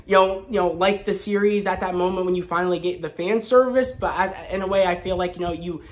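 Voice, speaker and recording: A man hosting a casual spoken review vlog, talking in an excited, rambling way with frequent restarts. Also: high voice, brisk. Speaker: host.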